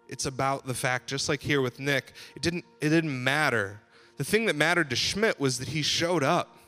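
A man's voice: medium pitch, a little fast, bright, forceful tone, soft background music. A man preaching a sermon in a casual, conversational way, with frequent restarts and fillers. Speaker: pastor.

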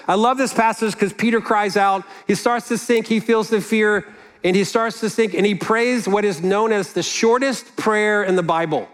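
A man preaching a sermon in an earnest, conversational way, with casual asides. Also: sits high. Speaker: pastor.

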